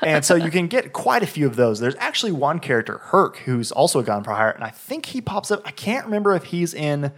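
A man's voice: on the high side, sing-song, brisk, hardly any pauses, a bit bright. A man in casual chat, describing a video game eagerly, often restarting his sentences. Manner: rambling, self-correcting, enthusiastic.

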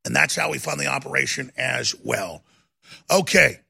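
A man's voice: medium pitch, animated, brisk, vocal fry, pushed and bright, slightly rough, dry recording, clean studio sound. A middle-aged man hosting a political talk show, delivering an emphatic, ranting monologue. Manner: emphatic, ranting, restarts and rising intensity.

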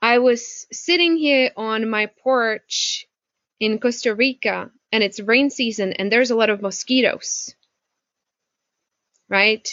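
A woman coach talks through a video call, her voice sitting a little high. She tells her story animatedly and keeps asking rhetorical questions. The sound is dry and dull, like a muffled video-call line. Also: slow pace, a bit bright, no echo. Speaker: business coach. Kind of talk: casual talk on a video call. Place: home porch.

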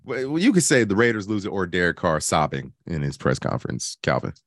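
A man co-hosting a casual sports talk show, animated and joking, cursing freely as he reviews a team's season. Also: deep voice, fairly quick, dry recording, clean studio sound. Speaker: podcast co-host.

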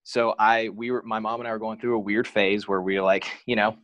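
A man's voice: on the low side, level tone, brisk, a bit bright, no echo. A man talking as a podcast guest, telling a personal story openly and casually, with lots of "like" as filler. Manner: frank and open, heavy use of "like".

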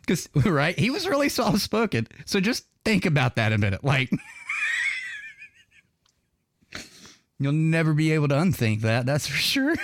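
A man's voice: on the high side, wildly swooping pitch, takes it slowly, pauses often, fairly bright tone, a little hiss or hum. A man with a Southern US accent hosting a podcast, talking in a rambling, casual way with lots of fillers and laughs. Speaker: podcast host.

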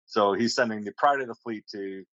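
A man with a lowish voice tells navy stories in a loose, rambling way, peppered with swearing and lots of "uh"s and restarts. The sound is dry and a bit dull, like a lo-fi recording. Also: a little fast, a bit bright, no room sound. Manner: rambling, profane, many fillers and restarts. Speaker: podcast guest, navy sailor. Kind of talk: casual storytelling.

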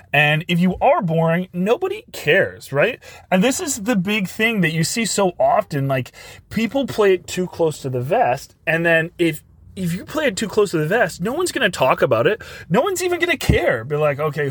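A man's voice: on the high side, dry recording. A man hosting his own podcast, talking emphatically and loosely with fillers in a casual solo monologue. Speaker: podcast host.

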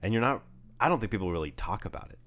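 A man with a very low voice chats casually as a podcast co-host. He jokes and rambles through stories. He sounds like a young adult. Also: big pitch swings, very fast, fairly bright tone. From Southern California. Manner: joking, rambling storyteller. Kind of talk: casual chat.

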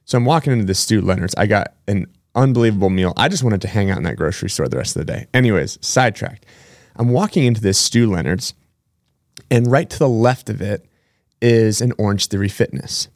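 A man's voice: on the low side, lively intonation, fairly quick, darkish tone, dry recording, clean studio sound. A man hosting a casual podcast, chatting in a rambling way with side-tracks and self-corrections. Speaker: podcast host. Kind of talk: casual solo podcast chat.

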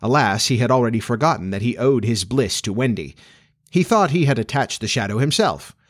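A man reading a children's storybook aloud with a measured, expressive delivery. His voice sits at an ordinary middle pitch for a man. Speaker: narrator. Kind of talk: audiobook narration.

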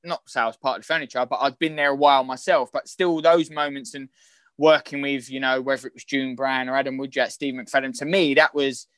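A man with a London accent, a guest actor chatting in a rambling, halting way with many restarts. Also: mid-range voice, fairly even intonation, a bit bright, clean tone, no room sound. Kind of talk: casual chat.

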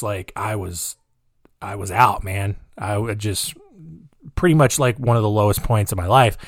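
Male podcast host, mid-pitched, jokey and rambling, dry close sound. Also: no echo. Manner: joking, rambling, with personal asides. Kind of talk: casual true-crime storytelling.

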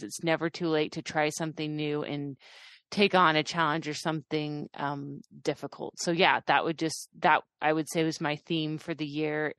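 A woman co-hosting a podcast, speaking in an earnest, encouraging and unhurried way. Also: low voice, a bit bright, clear, resonant tone, dry recording. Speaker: podcast co-host. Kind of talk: casual chat.

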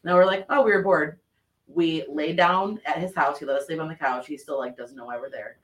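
Man, podcast host, quick and animated, roomy distant mic. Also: a little high. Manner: animated, swearing storyteller. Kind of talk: casual chat.

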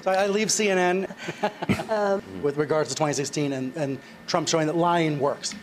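A male panel moderator speaks in a chatty, slightly hesitant way. His pitch is a little raised, and clear background noise runs under the conference recording. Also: moderate pace, rough recording.

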